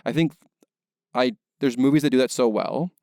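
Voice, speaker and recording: A man's voice: medium pitch, moderate pace, mellow, no room sound, studio quality. A young man co-hosting a casual film podcast, rambling with lots of fillers and restarts. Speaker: podcast co-host, filmmaker.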